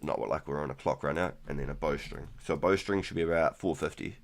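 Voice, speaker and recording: A man in his thirties casually chatting through a live game stream, relaxed and rambling, with keyboard clicks behind him. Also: extremely low pitch, fast talker. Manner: relaxed, rambling, repeats words. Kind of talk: casual gameplay commentary.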